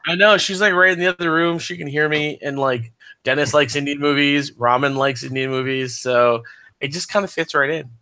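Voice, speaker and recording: A man's voice: on the high side, fairly even intonation, moderate pace, sharp tone, smooth. A man joining a casual video-call chat, joking and chatty. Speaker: participant.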